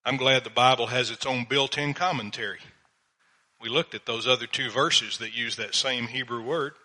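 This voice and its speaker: An older man, a pastor, preaching a sermon in a slow, measured way and reading Bible verses aloud. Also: mid-range voice, steady tone, pushed and bright, rough recording.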